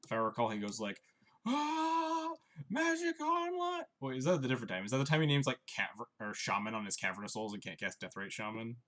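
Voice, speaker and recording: A young man commentating his own card game on a live stream, chatty and wry, thinking out loud. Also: fairly low pitch, very fast, few pauses.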